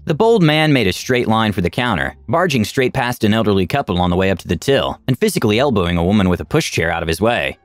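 A man narrating written first-person stories in a scripted, animated storytelling manner, voicing each quoted person in turn. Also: lowish voice, fast talker, few pauses, dry recording, soft background music.

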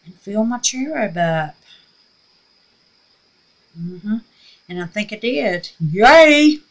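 Chatting casually about resin crafts, a woman gushes while guiding her viewers through a project. She speaks slowly in a slightly scratchy mid-range voice, with lively intonation.

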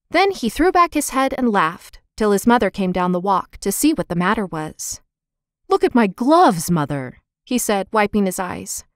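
A woman narrating a children's storybook in a lively, expressive reading, voicing the characters' lines. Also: mid-range voice, clean tone, dry recording, clean studio sound. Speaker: audiobook narrator.

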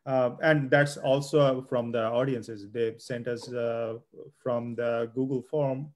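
A man hosting an interview and reading out questions from the audience. He speaks haltingly, with frequent fillers and restarts as he frames each question. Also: mid-range voice, fairly even intonation. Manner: hesitant, many fillers and restarts. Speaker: host interviewer.

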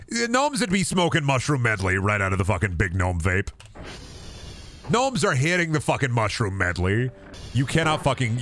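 A man's voice: mid-range voice, a bit bright, slight background noise. A man streaming a game, rambling and joking with heavy swearing. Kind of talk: casual stream commentary.

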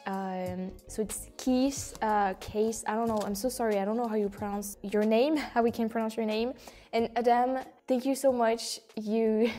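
A woman's voice: mid-range voice, dark tone. A woman with a French accent, a vlogger talking casually to camera, effusive and exclamatory, with gasps and laughter. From France. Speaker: vlogger opening gifts from viewers. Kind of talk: casual vlog talk to camera.

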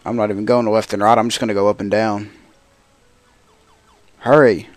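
A man's voice: fairly low pitch, flat delivery, a little fast, no room sound. A man giving casual gameplay commentary as a let's play host, grumbling to himself in frustration.

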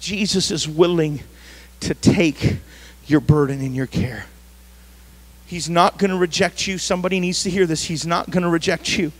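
A man's voice: on the high side, steady tone, moderate pace. A man pastor preaching a sermon at a church service, emphatic and fond of repeating his phrases.

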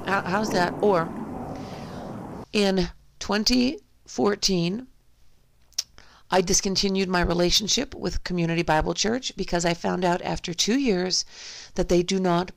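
Hoarse woman vlogger with laryngitis, gravelly fry, dry close sound, keeps pressing questions. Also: fairly low pitch, no echo. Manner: insistent rhetorical questioning. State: hoarse, has a cold and laryngitis. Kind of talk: spoken monologue to camera.

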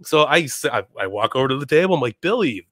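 Animated man telling a story, dry sound. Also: medium pitch, fast, no room sound. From Chicago. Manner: animated, laughing, does voices in quotes. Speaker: podcast guest. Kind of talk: casual storytelling.

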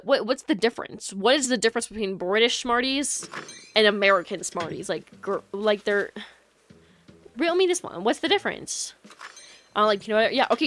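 A woman's voice: medium pitch, slight background noise. A young woman live-streaming a game, chatting casually with viewers in a scattered way, full of fillers and laughs. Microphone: USB microphone. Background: soft lofi music.

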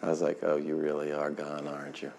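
An actor in an interview, telling a dry anecdote. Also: male voice, extremely low pitch, monotone, brisk, gravelly, a little mellow, slight background noise. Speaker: actor interviewed about a sitcom.

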